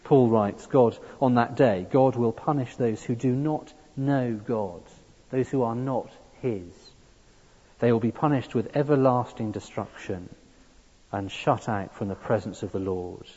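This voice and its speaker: A man's voice: medium pitch, measured pace, dark tone, slightly rough. A man preaching a sermon, earnest and building to emphatic peaks. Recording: dull sound in a long-reverb hall.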